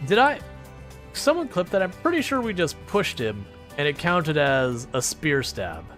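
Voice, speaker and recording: A man giving casual, excitable commentary on his own gameplay, reacting aloud and laughing often. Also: fairly high pitch, normal speed, soft background music. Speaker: gaming channel host.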